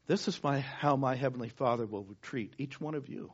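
A male pastor preaching a sermon, swinging from loud emphasis down to hushed, near-whispered words. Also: medium pitch, fairly quick, hardly any pauses, slightly rough. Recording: dull lo-fi sound.

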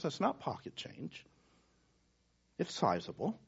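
A male pastor preaching a sermon, swinging from loud emphasis down to hushed, near-whispered words. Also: on the high side, sing-song, unhurried. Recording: dull lo-fi sound.

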